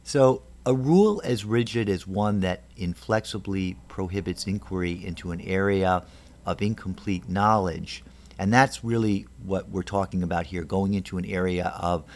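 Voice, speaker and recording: A man lecturing on courtroom cross-examination in a measured way, with frequent ums and restarts. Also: low-pitched. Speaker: lecturer on trial advocacy. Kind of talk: recorded lecture presentation.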